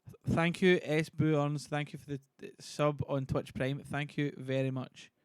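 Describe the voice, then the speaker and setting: A man's voice: fairly high pitch, steady tone, moderate pace, smooth, dry recording, studio quality. A man streaming casually, chatty and self-deprecating as he reads a play to viewers. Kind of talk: casual livestream reading.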